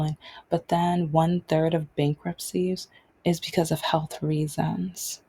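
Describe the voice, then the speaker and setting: Rich: A woman with a low, warm, husky voice chatting through a personal story on her vlog. She rambles and restarts her sentences as she goes, in a loose, conversational way. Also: flat delivery, a little slow. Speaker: vlog host.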